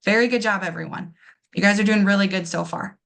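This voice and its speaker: A woman's voice: medium pitch, fast talker, vocal fry, fairly bright tone. A young woman teaching a classroom pronunciation lesson, encouraging her students and exaggerating syllables to demonstrate them.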